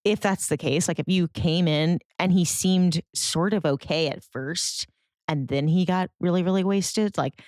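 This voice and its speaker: A young woman co-hosting a podcast in relaxed conversation. She talks in a chatty, filler-heavy way. Her voice sits a little low for a woman, and the close mic leaves it dry. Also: unhurried, no echo. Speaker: podcast co-host. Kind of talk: casual chat.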